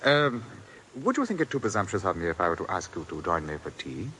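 A languid upper-class English lord. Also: male voice, deep voice, very animated, fast, fairly bright tone, a little hiss or hum, poor audio. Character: bored English lord, man, suave and dry. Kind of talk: 1940s radio acting.

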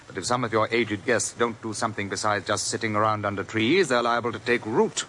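Casting: a suave, drawling English lord, lowish voice, 1940s radio comedy. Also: male voice, brisk, sharp tone, a little hiss or hum, rough recording. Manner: languid, drawling, upper-class. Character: bored English lord, man, suave and dry.

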